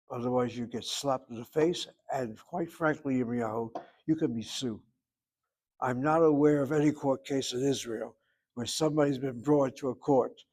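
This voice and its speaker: A man's voice: medium pitch, darkish tone. A man teaching a Hebrew grammar class, explaining at length with wry asides and calling on students by name. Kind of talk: online class lecture.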